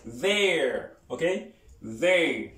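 Man, Haitian accent, English teacher, slightly high voice, repeats drills, echoey room, distant mic. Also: expressive, pushed and bright. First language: Haitian Creole. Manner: slow, deliberate, repeats phrases for students. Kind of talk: language lesson, drilling phrases. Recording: roomy sound from a distant mic.

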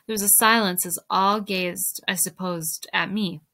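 A woman teacher reads a storybook aloud in a steady narrating voice. Her tone is bright and clear. The pace is even, as in a class read-aloud. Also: mid-range voice, a little slow.

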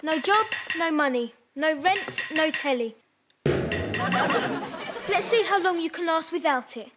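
An actress playing a sharp-tongued young woman who teases and scolds two layabouts in a studio sitcom. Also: high voice, lively intonation, unhurried, a loud crowd, very noisy. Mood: scolding. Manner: teasing, scolding. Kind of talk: broad studio sitcom acting. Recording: loud music and audience. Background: studio audience laughter.

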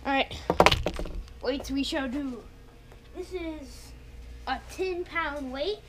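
A woman's voice: high voice, slow pace. A young woman making a casual home vlog, playful and jokey, often dropping to a whisper. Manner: playful, jokey, swings between loud and whispering. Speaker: vlogger. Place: at home, partly outdoors. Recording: music playing clearly behind.

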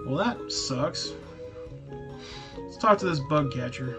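A man's voice: on the high side, sing-song, slow pace, long pauses, music in the background, rough recording. A man hosting a game playthrough, chatting casually between scenes. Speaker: gaming channel host.

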